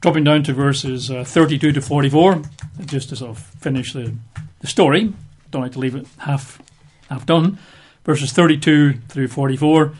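A man teaching from the Bible, reading passages aloud and then explaining them in relaxed, chatty asides. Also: fairly high pitch, normal speed, slightly rough. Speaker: preacher.

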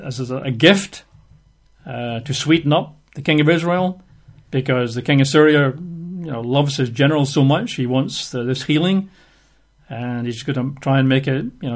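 A man's voice: mid-range voice, normal speed. A man preaching a sermon, reading and retelling a Bible story with chuckles and chatty asides.

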